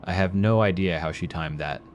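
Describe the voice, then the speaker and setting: A man giving a measured, deliberate, scripted horror narration. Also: deep voice, a little hiss or hum.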